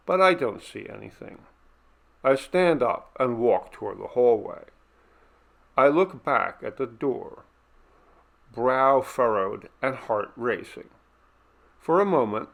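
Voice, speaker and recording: A man reading a ghost story aloud as scripted narration, telling it tensely and dramatically, often dropping to a hush. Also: mid-range voice, creaky. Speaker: audiobook reader.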